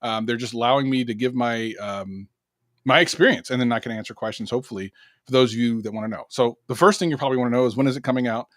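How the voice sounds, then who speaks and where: A man's voice: mid-range voice, steady tone, fast talker, no room sound. Rambling, chatty man on a podcast. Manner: chatty and rambling, many fillers. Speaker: podcast co-host, arcade content creator. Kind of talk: casual podcast chat.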